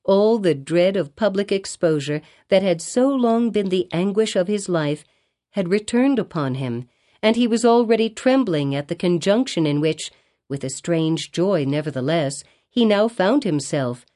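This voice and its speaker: A woman reading a classic novel aloud as an audiobook narrator, in measured, expressive storytelling. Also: on the low side.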